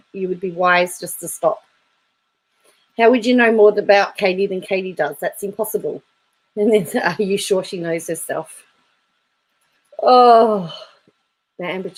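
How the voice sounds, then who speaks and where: Woman youtuber reading out chat comments, slow and easy, keeps cracking up. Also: mid-range voice, low-quality recording. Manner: reading viewer comments aloud and reacting; breaks into frequent laughter. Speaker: YouTube channel host. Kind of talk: casual livestream commentary.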